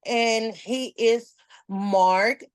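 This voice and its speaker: A woman guest on a podcast, telling a story in a casual, animated way, with nonstandard English grammar. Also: fairly high pitch, drawn-out words, no room sound. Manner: animated, acts out quoted dialogue.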